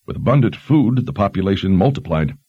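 A man voicing a learned young woman who explains history in a measured, explanatory way. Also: low voice, sing-song, husky, no room sound, muffled recording, exaggerated voice. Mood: eager.

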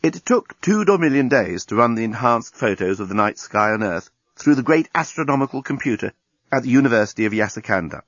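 A man narrating an audiobook in a lively, expressive reading. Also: mid-range voice, a little fast, no echo. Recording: dull dry recording.

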